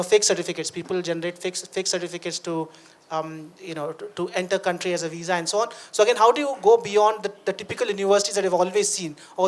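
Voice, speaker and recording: A man speaks quickly at a panel discussion. His talk is conversational, and he keeps checking in with the audience as he explains. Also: high voice. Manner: fast, conversational, tags points with "right?".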